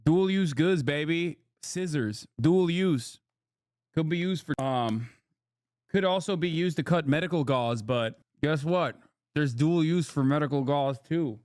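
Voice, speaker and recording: A man's voice: fairly high pitch, measured pace, darkish tone, dry recording, studio quality. A man streaming live, giving blunt, sarcastic political commentary with casual swearing and frequent replies to his chat.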